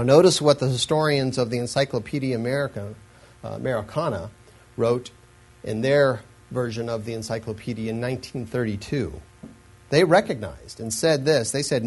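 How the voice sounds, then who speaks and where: A man's voice: medium pitch, darkish tone, husky, low-quality recording. A man giving an earnest, explanatory Bible lesson in a sermon style, with asides and frequent restarts. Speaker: Bible teacher.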